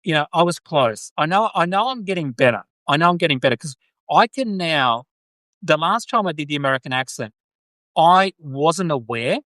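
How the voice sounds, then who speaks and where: An Australian man from Sydney hosts a loose live-stream chat, a little higher-pitched than most men. His speech rambles and restarts as he reads out viewer comments. The sound is close and dry. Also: expressive, moderate pace, pushed and bright, no room sound. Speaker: podcast host.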